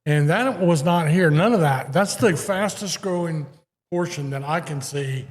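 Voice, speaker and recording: Fairly high-voiced male host. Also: a little slow. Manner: conversational, storytelling. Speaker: host, former fishing captain and mate. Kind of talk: casual interview chat. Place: live show at a fishing center. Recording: long reverb of a large live venue.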